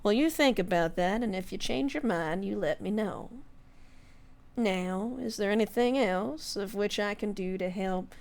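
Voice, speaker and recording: A woman's voice: medium pitch, a little slow, creaky, a little mellow. A woman voicing a sly, charming male fey stranger in a tabletop game, with a teasing manner. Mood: smooth. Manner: silky, teasing, calls people darling. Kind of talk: tabletop game role-play.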